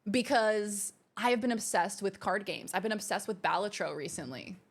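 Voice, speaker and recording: A woman hosting a livestream from her home streaming room, chatting casually and reading out viewer messages in a bubbly, gushing way that is quick to exclaim. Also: medium pitch, vocal fry, husky. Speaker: livestream host.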